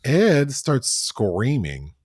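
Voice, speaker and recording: A man's voice: mid-range voice, wildly swooping pitch, drawn-out words, darkish tone, breathy edge, dry recording, studio quality. A man co-hosting a review podcast, chatting casually through a show recap, laughing and acting out the characters' lines. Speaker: film review podcast co-host.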